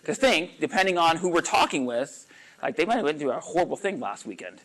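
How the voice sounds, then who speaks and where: A man leads a casual coaching session for a small group in a meeting room. His voice sits slightly high and moves in lively swings. He chats loosely, full of fillers, and slips into little acted-out lines. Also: fairly quick, rough recording. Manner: animated and conversational, acts out sample lines, frequent fillers. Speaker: coach teaching a workshop on listening. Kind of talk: casual live teaching talk.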